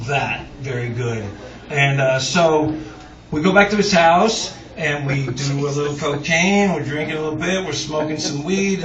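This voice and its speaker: A man, a singer-songwriter, telling a long, rambling, self-mocking story to a live audience, chuckling as he goes. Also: fairly high pitch. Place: live music club on stage. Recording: roomy, dull, distant audience recording. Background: audience laughter and crowd noise.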